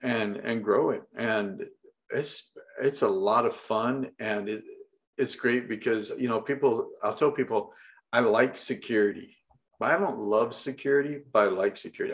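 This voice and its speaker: A man's voice: lowish voice, brisk. A middle-aged man talking casually as an interview guest, rambling with lots of fillers and restarts and the odd swear word. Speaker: podcast guest.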